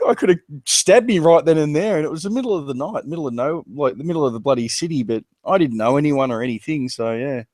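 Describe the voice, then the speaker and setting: A man with an Australian accent telling a personal story in casual chat, laughing and animated as he quotes others. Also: on the high side, fast talker, few pauses, dry recording. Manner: laughs while telling stories, animated when quoting others. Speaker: discussion participant.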